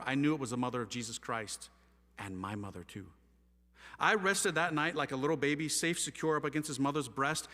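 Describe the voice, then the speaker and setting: A man giving an impassioned, slangy testimony to a live audience, his storytelling swinging between loud and hushed. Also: a little high. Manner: animated, slangy storytelling with wide swings of loudness. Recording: hall reverb.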